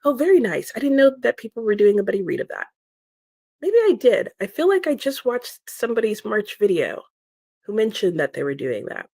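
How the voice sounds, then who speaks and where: A woman's voice: mid-range voice, very animated, fairly quick, darkish tone, no room sound. A woman hosting a livestream in casual chat, reading out viewer comments, still sleepy, giggling and stumbling over her words. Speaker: livestream host.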